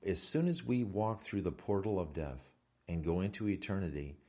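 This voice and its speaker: A man preaching a sermon in a measured way, reading scripture passages aloud between his own explanations. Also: low voice, lively intonation, a little mellow. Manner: measured, reads scripture aloud in King James wording.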